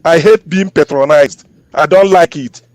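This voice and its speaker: A man's voice: a little high, measured pace, dry recording. A man, speaking indignantly in a group discussion and repeating phrases insistently. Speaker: discussion participant.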